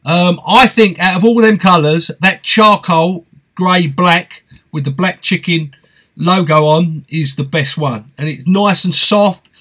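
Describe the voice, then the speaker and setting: A man's voice: sits high, lively intonation, a little slow, pushed and bright, slightly rough. A man hosting a live stream, reading out viewer comments and answering them in a chatty, friendly way. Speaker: host of a fishing live stream.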